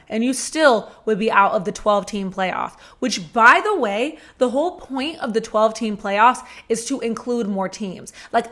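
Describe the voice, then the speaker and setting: A woman's voice: a little high, a bit bright. A woman hosting a solo sports podcast, giving sassy, blunt commentary with casual swearing and mocking asides. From Georgia fan. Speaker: podcast host.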